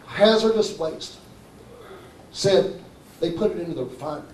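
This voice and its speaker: A fairly high-voiced man speaks to a conference crowd with a warm, mellow tone and a persuasive pitch. He keeps checking in with the audience. The sound is roomy and distant, as if caught from across a hall. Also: animated, normal speed, slight background noise. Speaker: conference presenter. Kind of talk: live conference talk.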